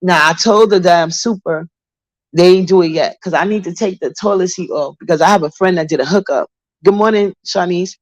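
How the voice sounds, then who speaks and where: Blunt, profane New livestream host. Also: female voice, on the low side, fairly quick, no room sound, dull audio. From Brooklyn, New York. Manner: blunt, profane, gossipy storytelling. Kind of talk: casual livestream chat. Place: home apartment.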